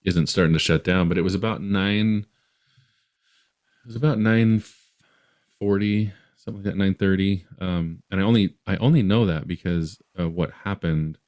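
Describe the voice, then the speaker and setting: Low-voiced man telling a story. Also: moderate pace. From Utah, US. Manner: rambling, many restarts, acts out yells from the story. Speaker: podcast guest. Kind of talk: storytelling in a podcast conversation.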